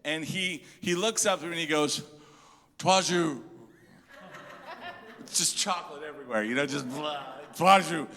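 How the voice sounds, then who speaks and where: A male pastor delivering a sermon, telling funny stories with lively asides. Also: a little high, a little fast. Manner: animated storyteller, jokey asides. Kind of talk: sermon with humorous storytelling. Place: church hall. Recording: echoey hall.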